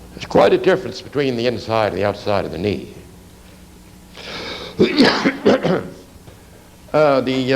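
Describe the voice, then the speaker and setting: A man giving an art anatomy lecture while drawing, halting with many "you see" asides and dry remarks to the class. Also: medium pitch, creaky, a little hiss or hum, poor audio.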